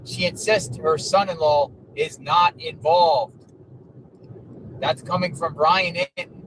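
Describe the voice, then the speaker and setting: A man's voice: on the high side, takes it slowly. A man on a livestream, chatting casually while driving and reading out news updates. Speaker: livestream co-host. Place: inside a moving car. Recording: road noise from a car.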